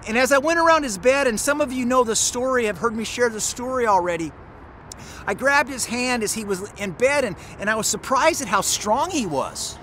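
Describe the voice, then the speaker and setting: High-voiced man telling a halting story. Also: lively intonation, pushed and bright, a little hiss or hum. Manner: earnest, halting storytelling with many restarts. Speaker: pastor. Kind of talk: personal story in a sermon.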